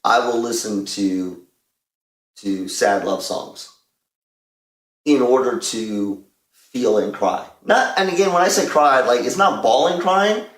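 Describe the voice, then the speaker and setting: A man's voice: mid-range voice, expressive, slow pace, long pauses, echoey room. A man co-hosting a radio show, talking openly and reflectively in casual chat. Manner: reflective, open about his feelings. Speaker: radio co-host.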